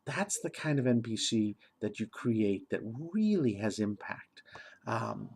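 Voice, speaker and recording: A man's voice: on the low side, very animated, measured pace, gravelly, darkish tone, slightly rough. A man talking casually as a game master giving advice, rambling and correcting himself, chuckling often. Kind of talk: casual tutorial monologue.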